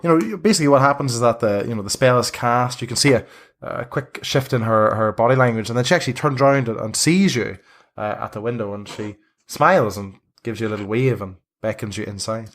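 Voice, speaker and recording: A man running a tabletop game as game master, narrating a scene in a loose, rambling way. He leans heavily on fillers like "you know" and "um" as he describes the action. His pitch sits mid-range. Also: fast.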